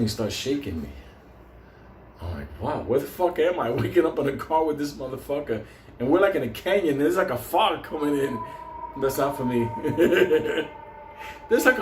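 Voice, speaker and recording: A man's voice: on the high side, darkish tone, reverberant, slight background noise. A man telling a wild story in a casual, profane way, often laughing as he talks. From New York.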